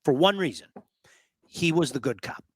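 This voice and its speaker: A man hosting sports talk radio in an emphatic, animated way. His voice sits somewhat high for a man. The sound is dry and close, with no room around it. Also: normal speed, slightly rough, no room sound. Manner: emphatic, animated storyteller who repeats words for effect.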